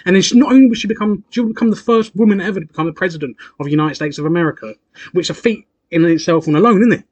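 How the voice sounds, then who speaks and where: Fast-talking slangy young man. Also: high voice, darkish tone, dry recording, highs cut off. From United Kingdom. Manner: rambling, swearing, slangy, argumentative. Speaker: podcast co-host. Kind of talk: casual chat.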